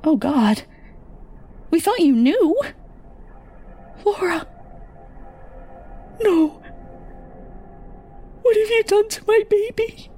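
A woman's voice: fairly high pitch, a little slow, vocal fry, long pauses, mellow, soft background music. A woman voicing a tearful, remorseful middle-aged mother who pleads and sobs. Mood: anguished. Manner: pleading, sobbing.

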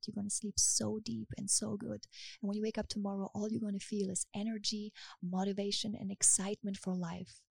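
A woman with a German accent who works as a hypnotist, leading a slow, soothing, repetitive guided hypnosis and then chatting emphatically about it. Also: medium pitch, gravelly, a little mellow, breathy edge, no echo. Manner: emphatic and upbeat when chatting. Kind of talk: guided hypnosis session, then casual chat.

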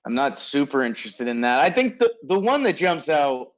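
A man's voice: a little high, big pitch swings, normal speed, lo-fi sound. A man co-hosting a casual podcast over a remote call from home, chatty and rambling. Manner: chatty, rambling, says dude a lot. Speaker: podcast co-host. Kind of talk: casual remote sports chat. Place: home in Denver.

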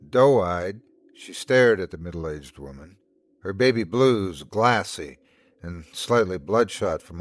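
A man hosting and narrating a scripted horror story in a measured, dramatic way. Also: fairly low pitch, no room sound. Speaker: host and narrator.

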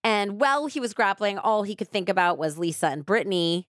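A woman hosts a true crime podcast and retells the case as casual storytelling. She keeps it lively and chatty, slipping into quoted voices. Her voice sits at a middling pitch and sounds close and dry. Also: dry recording. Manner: animated, breathless retelling with frequent "like" and quoted voices.

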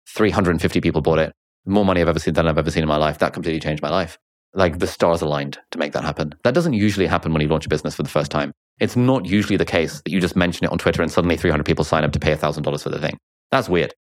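Young British guest, very low and quick, animated and jokey. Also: male voice, dry recording, studio quality. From Britain. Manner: fast, animated, jokey storytelling. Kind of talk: casual interview chat.

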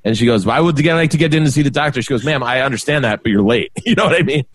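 A man tells a rambling story on a podcast. He jumps into the voices of the people in it and keeps the tale moving. His voice sits at a middle pitch and sounds close and dry, with no room around it. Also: racing, slightly rough, no echo. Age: 40s. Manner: animated storyteller, acts out quotes. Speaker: podcast co-host. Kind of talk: casual storytelling chat.

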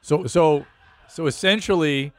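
A man's voice: fairly high pitch, a little slow, dry recording. A man hosting a podcast chat, chiming in with short conversational remarks. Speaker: host. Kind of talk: casual chat.

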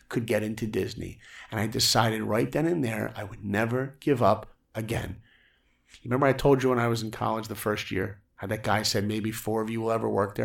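A man telling a personal story on a podcast, energetic and acting out quotes from other people. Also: lowish voice, vocal fry. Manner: energetic, acts out quotes in raised voices. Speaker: guest storyteller.

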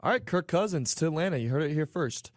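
A man's voice: fairly high pitch, lively intonation, quick pace, no room sound, studio quality. A man co-hosting a sports betting show, laid-back and offhand. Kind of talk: casual sports talk.

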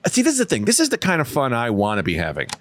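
A male stand-up comedian hosting a podcast, telling a story in a casual comedic way, laughing often and acting out shouted quotes. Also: medium pitch, huge pitch swings, racing, slight background noise.

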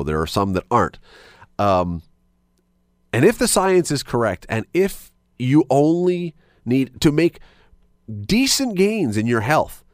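Male radio talk host, rambling, self-correcting, lively delivery, dry close studio sound. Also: mid-range voice, no room sound. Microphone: studio microphone.

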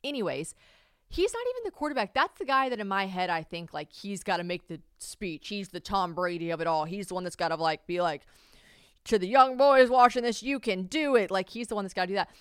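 A woman's voice: fairly low pitch, animated, fast talker, fairly bright tone, smooth, no echo, clean studio sound. A young woman hosting a podcast, chatting casually and animatedly, swearing freely. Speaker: podcast host. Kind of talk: casual chat.

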